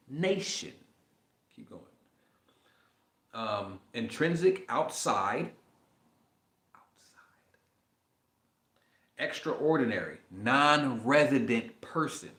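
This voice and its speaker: Profane, riffing man in an echoey room. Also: medium pitch. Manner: profane, animated, riffing between read passages. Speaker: podcast host. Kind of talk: casual monologue reading aloud.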